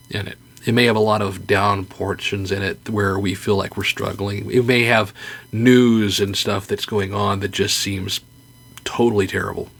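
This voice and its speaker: A man with a low, husky voice telling casual stories and words of encouragement. He speaks earnestly and with frequent restarts, like a podcast host talking straight to his listeners. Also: a bit bright.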